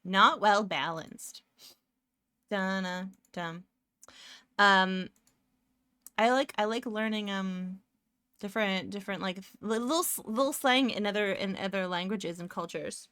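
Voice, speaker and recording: Working on pixel art, a Toronto livestream host chats in a rambling, jokey way and laughs frequently. She speaks at a moderate pace with a medium-pitched, sharp-toned voice and no echo, over faint background music.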